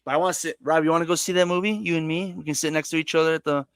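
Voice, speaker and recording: A man co-hosting a live podcast, an animated storyteller who swears freely in casual chat. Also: on the high side, very fast, clean tone, no echo, studio quality. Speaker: co-host.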